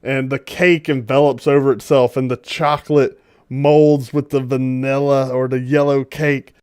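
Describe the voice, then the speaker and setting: A man's voice: mid-range voice, little pitch movement, measured pace, darkish tone, clear, resonant tone. A man running a tabletop fantasy game on a livestream, narrating scenes playfully and laughing with his players. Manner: playful descriptive storytelling, breaks into laughter. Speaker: game master.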